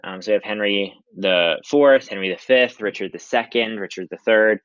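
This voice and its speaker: A young adult man, a high school English teacher, giving a casual recorded slideshow lecture with many ums. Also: normal speed, fairly bright tone, clean tone, no room sound. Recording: dry, dull lo-fi audio.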